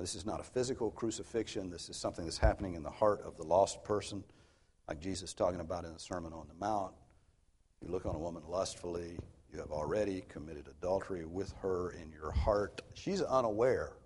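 Low husky-voiced male preacher. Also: brisk, darkish tone. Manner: earnest, emphatic teaching with rhetorical questions. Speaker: pastor. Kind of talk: expository sermon.

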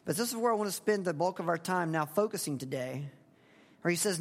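A man's voice: high-pitched, expressive, a little fast. Male preacher, plain conversational delivery with questions to the pews, echoing church hall. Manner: conversational, asks the congregation questions. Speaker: pastor. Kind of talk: expository sermon. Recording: long hall reverb.

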